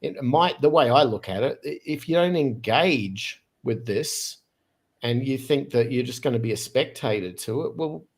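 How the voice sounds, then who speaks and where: A man in his fifties, originally from Australia, telling a personal story as a podcast guest in a lively, casual way, often restarting his phrases. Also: medium pitch. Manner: animated, quick storyteller who restarts phrases.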